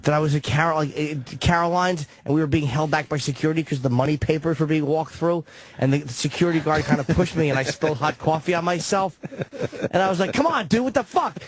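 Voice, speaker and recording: A man with a fairly high voice talks into a studio microphone as a radio co-host. His stories ramble and he mocks himself in crude, casual banter. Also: fairly even intonation, fast talker, dry recording. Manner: rambling, self-mocking storytelling. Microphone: studio broadcast mic.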